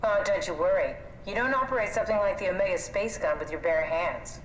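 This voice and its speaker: A woman's voice: mid-range voice, fairly quick, lightly acted. An actress voicing a wry, self-deprecating female AI guide in a video game, recorded with a roomy echo under gameplay noise. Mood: determined. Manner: dry, self-deprecating, matter-of-fact.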